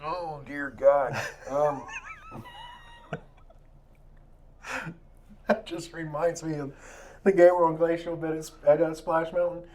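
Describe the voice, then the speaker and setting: A man's voice: a little high, level tone, takes it slowly, long pauses, a little mellow. A man co-hosting a comedy podcast, talking in crude, rambling banter and laughing often. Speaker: podcast co-host.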